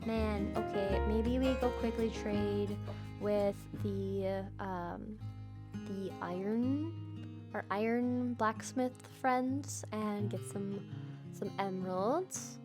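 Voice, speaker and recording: A young woman giving relaxed, chatty commentary over her gameplay, easily surprised and cooing at the animals. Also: mid-range voice, slow pace. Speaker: gaming channel host. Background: soft background music.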